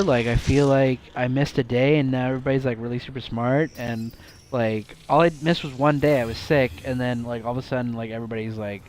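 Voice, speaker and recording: A man's voice: medium pitch, darkish tone. Young man, game streamer, casual rambling, filler-heavy, goofy outbursts, faint background hum. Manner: rambling, jokey, frequent "like" and "um", bursts into silly exclamations. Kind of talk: casual live gameplay commentary.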